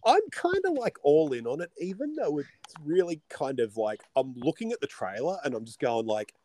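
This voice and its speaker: A man, co-hosting a casual movie podcast, profane and animated, often dropping into joking put-on voices. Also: on the high side, moderate pace, a little hiss or hum. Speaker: podcast co-host.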